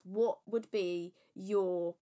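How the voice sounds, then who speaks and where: A woman's voice: medium pitch, fairly even intonation, drawn-out words, dark tone. A woman co-hosting a casual podcast, chatty and rambling, gushing about her interests. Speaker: podcast co-host. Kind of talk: casual chat.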